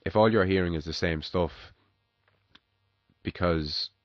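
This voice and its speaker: Deep-voiced man, swearing freely. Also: unhurried, no room sound. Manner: relaxed, swears freely, tells examples. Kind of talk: casual podcast chat. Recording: dull, dry sound.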